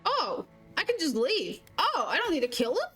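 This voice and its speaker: A woman streamer giving casual gameplay commentary, blurting excited exclamations and mild curses as she plays. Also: high-pitched, normal speed, poor audio. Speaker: gaming streamer. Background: game music.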